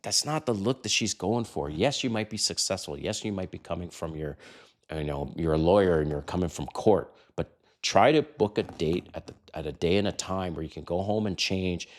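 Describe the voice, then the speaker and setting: A man's voice: low voice, moderate pace. An older man coaching other men on dating, blunt and direct, full of rhetorical questions. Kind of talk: direct-to-camera advice talk.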